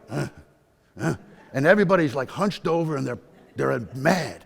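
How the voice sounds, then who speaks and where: Very animated, this man in his sixties has a fairly high voice with vocal fry, speaks at normal speed, and pauses often. As a patient speaker at a nursing conference, he delivers a humorous, upbeat personal story, acting out quotes, with long reverb from the conference hall.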